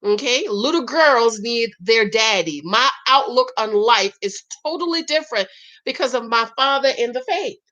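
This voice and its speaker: A woman's voice: fairly high pitch, lively intonation, normal speed, sharp tone, highs cut off. A woman vlogger chatting casually while reading viewer comments, emphatic and talkative, often adding "okay?". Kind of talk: casual live-stream chat.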